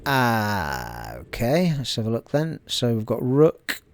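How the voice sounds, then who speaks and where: A man recording let's-play commentary, cheerful and thinking out loud. His voice sits at an ordinary middle pitch, and he talks casually through game menus and reads tooltips aloud. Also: huge pitch swings, slow, a little hiss or hum. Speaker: gaming streamer.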